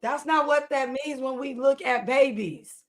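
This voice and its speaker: A woman joining a casual live stream with her partner, speaking in a sharp, scolding way. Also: high voice, measured pace, soft background music.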